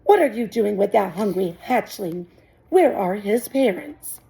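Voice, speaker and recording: A woman reading aloud, voicing an old gray female goose who talks in a brisk, scolding way. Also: medium pitch, animated, vocal fry, dark tone, rough recording. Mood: bossy.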